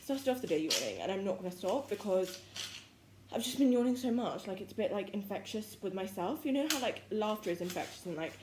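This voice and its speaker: A woman's voice: medium pitch, sing-song, quick pace. A young woman chatting in a rambling, giggly way, full of "like" and "literally", while she cooks at home and keeps yawning from tiredness. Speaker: vlogger. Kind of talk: casual chatty vlog while cooking. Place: home kitchen, indoors. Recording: echoey room with faint background noise.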